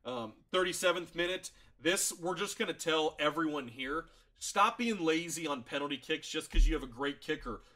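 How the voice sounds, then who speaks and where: A man co-hosting a rugby podcast in casual chat, animated and jokey, acting out players' thoughts. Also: on the high side, normal speed. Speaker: podcast co-host.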